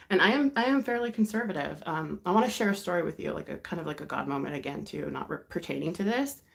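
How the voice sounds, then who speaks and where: Low, gravelly woman chatting confidingly. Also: lively intonation, fairly quick. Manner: rambling, confiding, with sighs and soft laughs. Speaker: livestream host. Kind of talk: casual chat.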